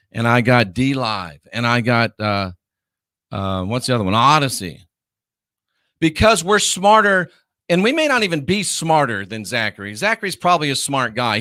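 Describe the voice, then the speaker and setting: A man hosting a reaction commentary, ranting with profanity and mockery, swinging from shouted jeers to low muttering. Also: dry recording, clean studio sound. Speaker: commentary host.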